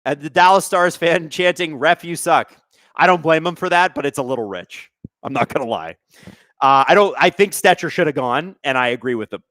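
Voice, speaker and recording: A man hosting a live hockey watch-along stream, commenting casually on the play and reading chat, excitable and sarcastic, swearing at the refs. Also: on the high side, fairly quick, no room sound, studio quality.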